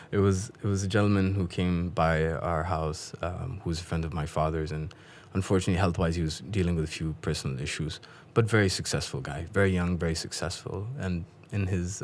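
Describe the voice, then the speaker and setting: Man, very deep voice, podcast guest, animated casual storytelling. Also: a little fast, hardly any pauses, a little hiss or hum.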